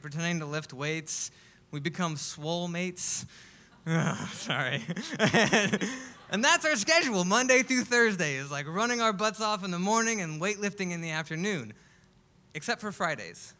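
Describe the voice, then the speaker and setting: A man telling a comic personal story live on stage, animated and acting out other people's lines. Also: high voice. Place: live stage at a music club.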